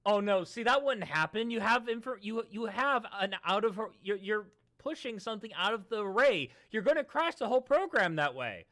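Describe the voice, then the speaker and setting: A man chatting casually and reading a webcomic aloud, often bursting into loud theatrical readings. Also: high voice, lively intonation, moderate pace, hardly any pauses. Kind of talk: casual chat and comic read-along.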